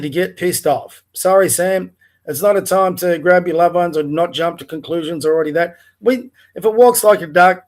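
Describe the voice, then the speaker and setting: An Australian man hosting a livestream, delivering an angry, profane political rant with blunt rhetorical questions. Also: fairly high pitch. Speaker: livestream host. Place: home, in front of a TV.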